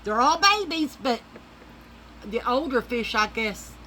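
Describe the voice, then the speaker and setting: A woman's voice: a little high, very animated, measured pace, pushed and bright, a little hiss or hum, poor audio. A middle-aged woman vlogger telling a rambling, profane story in a casual way while she applies makeup.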